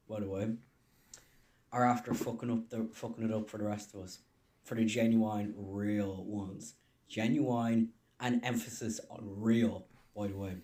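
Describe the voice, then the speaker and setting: A man's voice: lowish voice, a little mellow. A man ranting bluntly and angrily in a video clip, swearing as he goes.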